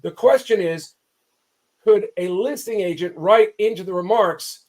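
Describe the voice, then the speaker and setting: Fired-up emphatic man, high voice. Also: a little slow, a little mellow. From Southern California. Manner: fired-up, emphatic, self-interrupting. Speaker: real estate attorney host. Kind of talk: impassioned commentary.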